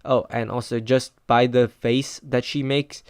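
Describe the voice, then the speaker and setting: A man's voice: mid-range voice, flat delivery, a little slow, clean tone, no echo. Teenage male reviewer, chatty and rambling, mid-range voice, dry recording. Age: teens. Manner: rambling, filler-heavy with frequent "like". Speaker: comic book reviewer. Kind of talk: casual comic book review.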